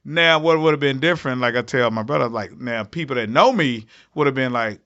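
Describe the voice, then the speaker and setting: A man's voice: medium pitch, moderate pace, few pauses, fairly bright tone. A man, a comedian guest, telling a story in a podcast interview, acting out other people's lines with big jumps in his voice. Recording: slightly dull lo-fi audio.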